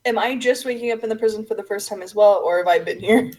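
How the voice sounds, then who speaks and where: A young woman playing a tabletop game, joking around loudly. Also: medium pitch, fast talker. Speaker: player. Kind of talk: casual chat in a tabletop game.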